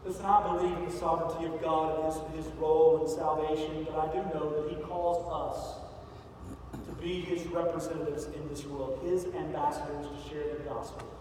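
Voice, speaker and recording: A male pastor giving a sermon in a large church sanctuary, telling a story and building to loud, emphatic peaks. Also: fairly high pitch, little pitch movement, moderate pace. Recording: echoey hall from far off, faint noise.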